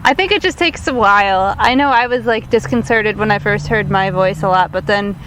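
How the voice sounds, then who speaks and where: A woman's voice: medium pitch, fairly quick, fairly bright tone, a little hiss or hum, low-quality recording. A woman hosting a podcast, talking casually and filling her sentences with "like". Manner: chatty, with many "like" fillers. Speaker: podcast host. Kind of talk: casual conversation.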